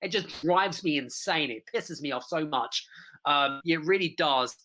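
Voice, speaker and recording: A man hosting an interview, enthusiastic and quick to agree with his guest. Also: on the high side, pushed and bright, rough recording. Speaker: podcast host. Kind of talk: interview chat.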